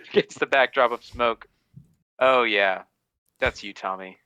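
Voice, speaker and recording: A man joining a casual podcast chat, upbeat and agreeable, often chiming in with quick replies. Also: medium pitch, sharp tone, clear, resonant tone. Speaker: podcast guest.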